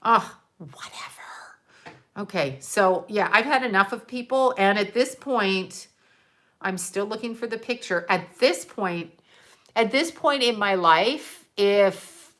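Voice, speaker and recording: Bright-voiced chatty older woman rambling. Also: medium pitch, measured pace. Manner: chatty, laughs often, swears, drifts between topics. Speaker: psychic vlogger. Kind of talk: casual rambling monologue.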